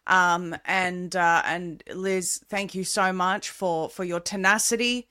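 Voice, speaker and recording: A woman's voice: fairly low pitch, fairly even intonation, slow, pushed and bright, smooth. A woman hosting an online broadcast interview, speaking in an urgent, campaigning tone and closing the show with a scripted sign-off. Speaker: host.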